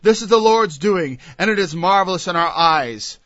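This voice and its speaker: Male preacher, high bright voice, reads verse then expounds, dry and slightly dull recording. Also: expressive, moderate pace, dry recording. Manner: reads scripture aloud, then explains it with emphatic asides. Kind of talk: expository Bible sermon.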